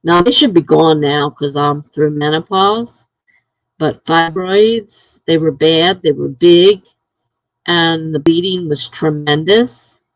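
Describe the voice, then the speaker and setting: A woman's voice: low-pitched, slow pace, no room sound, rough recording. A middle-aged woman live streaming from home, chatting casually and telling stories, acting out what other people said. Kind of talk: casual chat.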